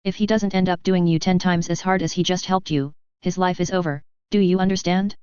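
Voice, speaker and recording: A woman's voice: on the low side, steady tone, fairly quick, darkish tone, clean tone, no room sound, close to an everyday voice. A woman voicing a fierce young girl who warns with urgent intensity, in a dull, dry recording. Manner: intense, near-shrieking warnings.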